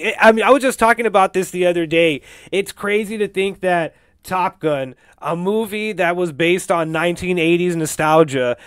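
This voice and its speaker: Young guy hosting a pod, swears a ton, rambles, slightly high voice, dry close mic. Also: no room sound. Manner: profane, rambling, laughing asides. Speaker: podcast host. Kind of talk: casual entertainment-news commentary.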